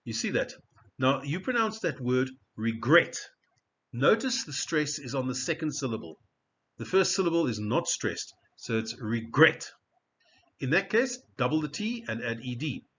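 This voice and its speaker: A man's voice: mid-range voice, very animated, moderate pace, a bit bright, muffled recording. A man teaching a recorded spelling lesson, carefully repeating and stressing each example word.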